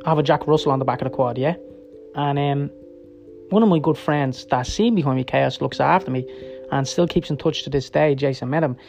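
A man's voice: a little high, vocal fry, a little mellow, lo-fi sound. A middle-aged man, telling blunt personal stories with heavy swearing, checking in with "right?" as he rambles. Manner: rapid, rambling, seeks agreement with "right?" and "yeah?". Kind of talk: personal storytelling monologue. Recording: faint music behind.

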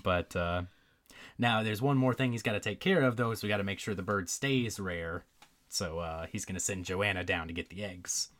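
Low-voiced man recapping a movie. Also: normal speed, fairly bright tone, a little hiss or hum. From Arkansas, USA. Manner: laughs often, acts out characters' lines. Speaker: podcast co-host. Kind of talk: casual movie recap chat.

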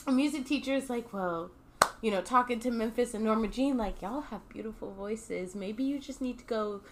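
A woman's voice: on the high side, moderate pace, slight background noise. A woman co-hosting a comedy podcast, playfully retelling a movie and acting out the characters' lines. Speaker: podcast co-host. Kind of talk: casual stoner movie recap.

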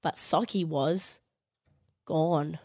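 A woman's voice: sits low, fairly even intonation, extremely slow, darkish tone, no room sound, clean studio sound. A woman hosting a podcast, reading a comic story aloud in a playful, giggly way.

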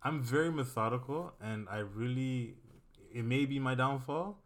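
Measured, deliberate man giving advice. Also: medium pitch. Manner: measured, deliberate, tags sentences with "though". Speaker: podcast co-host. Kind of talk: casual couples chat.

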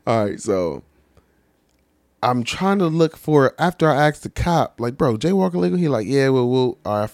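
A young man from California casually telling a story, animated and laughing, heavy on slang and swearing. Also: mid-range voice, no room sound, clean studio sound. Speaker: vlogger.

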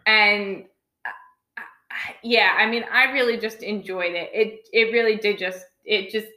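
A woman talks casually about films and rambles, full of "like" and restarts. Her voice is bright and clear. The room has a noticeable echo. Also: mid-range voice, steady tone, unhurried. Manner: rambling, many likes and restarts. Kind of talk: casual film review chat.

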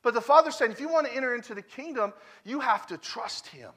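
A very high-pitched, animated man who talks fast is guest-preaching a conversational sermon; he's likely in his thirties or forties. Personal stories fill it, phrases get repeated emphatically, and his volume swings from loud declarations to hushed quiet.

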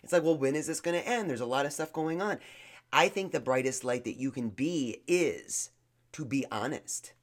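A man's voice: medium pitch, moderate pace. A man co-hosting a podcast, giving blunt, sarcastic mock-therapy in a rambling way. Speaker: podcast co-host. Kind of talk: casual mock-therapy chat.

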